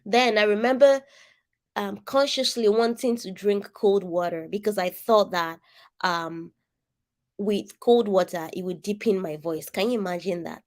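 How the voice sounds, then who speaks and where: A woman's voice: medium pitch, a little slow. Nigerian woman, coach, nasal distinctive voice, earnest and direct, video call. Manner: earnest, emphatic, addresses listeners directly. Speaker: coach leading an online session. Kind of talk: interactive coaching talk.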